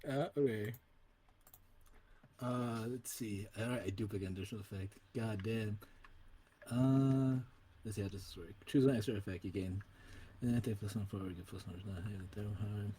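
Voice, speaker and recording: A man's voice: on the low side, fairly even intonation, moderate pace, mellow, husky. A man playing a tabletop game, casual and stammering, often laughing at his own moves. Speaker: player.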